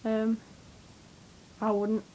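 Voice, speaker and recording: A young woman tells a story straight to her camera in a rambling, excitable way. Her voice sits a little high, and she swears casually and fills her pauses with ums and likes. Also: rough recording. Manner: rambling, excitable, swears freely, many fillers. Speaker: vlogger.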